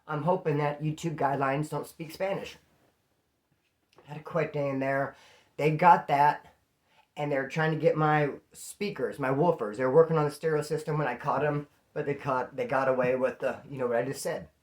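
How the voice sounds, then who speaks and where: Male storyteller, casual and animated, jumps into the voices of people in his stories. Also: a little high, normal speed. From California. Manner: animated, acts out quoted voices. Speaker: storyteller host.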